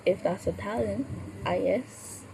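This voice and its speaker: A woman's voice: mid-range voice, unhurried, vocal fry. A woman voicing a proud, fashionable female dragon puppet who stumbles over her words. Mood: boastful. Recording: steady background noise.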